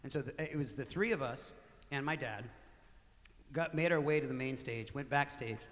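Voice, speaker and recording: A man with a mid-range voice tells stories between songs on a club stage, chatty and animated as he acts out what people said. He speaks into a stage microphone, and his voice rings with the long reverb of the live room. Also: mid-range voice, normal speed. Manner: animated, conversational, with laughs and acted-out quotes. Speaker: singer-songwriter telling stories on stage. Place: small live music venue with audience.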